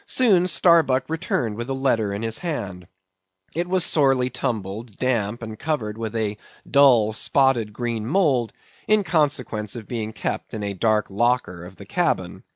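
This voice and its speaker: A man's voice: medium pitch, dry recording. Man reading an audiobook aloud. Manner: measured, steady reading. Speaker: audiobook narrator. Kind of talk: scripted audiobook narration. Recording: dull, dry recording.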